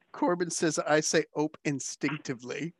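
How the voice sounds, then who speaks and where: A man's voice: on the high side, unhurried. A man hosting a casual chat, enthusiastic, laughing often and swearing casually. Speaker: host.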